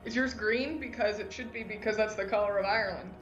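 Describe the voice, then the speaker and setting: A woman's voice: mid-range voice, fast. A woman co-hosts a gaming stream with loose, self-deprecating chat in a mid-range voice. Her audio is dull and lo-fi, with faint music behind it. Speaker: co-host. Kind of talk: casual chat while gaming.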